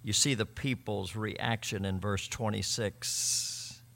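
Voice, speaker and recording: A man preaching a sermon, emphatic, swinging between loud and quiet and often repeating words. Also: lowish voice, steady tone, slow, creaky. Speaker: pastor.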